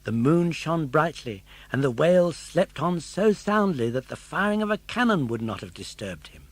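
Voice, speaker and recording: An older man narrating a children's story in an expressive, animated way. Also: on the high side, moderate pace, no echo. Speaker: audiobook narrator.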